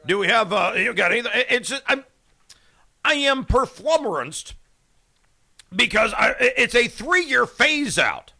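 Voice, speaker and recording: A man hosting a morning radio show, excitable and jokey with rapid asides. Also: very high voice, vocal fry. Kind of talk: casual radio chat.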